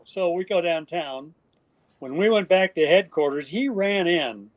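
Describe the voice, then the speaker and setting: A man's voice: high voice, measured pace. Older man telling stories in an interview. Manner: animated, acts out quoted voices. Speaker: guest. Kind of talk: storytelling interview.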